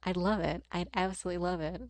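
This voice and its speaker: A woman's voice: fairly low pitch, steady tone, quick pace, no room sound. A young woman streamer chatting casually while she plays, rambling and swearing with frequent laughter. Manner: rambling, profane, laughing often. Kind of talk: casual chat while gaming.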